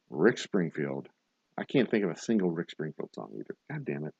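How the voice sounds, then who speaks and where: A man with a low voice hosts a bar trivia stream. He reads each question slowly, repeats it, and jokes and swears casually in between. His pitch moves around a lot, and the sound is dry and a little dull. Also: very animated, gravelly, a little mellow, husky, no room sound. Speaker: trivia host. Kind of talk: livestream trivia hosting.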